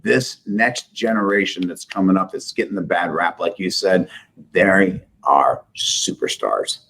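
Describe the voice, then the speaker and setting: A Midwest-raised businessman tells stories in a casual interview. His voice is husky and a bit low. He speaks emphatically and candidly, with a joking edge. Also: unhurried, a bit bright, rough recording. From Midwest United States. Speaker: business owner guest.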